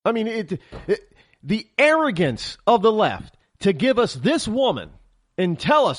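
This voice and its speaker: A man's voice: high voice, huge pitch swings, measured pace, dry recording, studio quality. A man hosting a political talk show, ranting heatedly in a monologue and often stammering and restarting.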